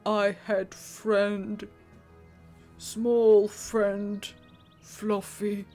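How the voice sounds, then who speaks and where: A woman's voice: medium pitch, flat delivery, warm tone, soft background music. A woman voicing a huge, childlike male hill giant who cries easily and talks in broken, simple words. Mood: tearful, simple. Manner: broken simple speech, slow.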